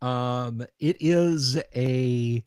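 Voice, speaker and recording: A man's voice: medium pitch, darkish tone, clean tone, no room sound, clean studio sound. A man running a tabletop fantasy game as dungeon master, narrating with many restarts. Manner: halting, with many restarts and fillers. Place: home setup, livestream.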